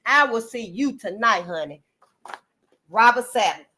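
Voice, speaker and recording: A woman's voice: a little high, lively intonation, unhurried, sharp tone. A woman hosting her own channel, talking casually and frankly to her viewers, calling them honey and y'all. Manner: frank, earthy and emphatic, calls listeners honey and y'all. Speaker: channel host.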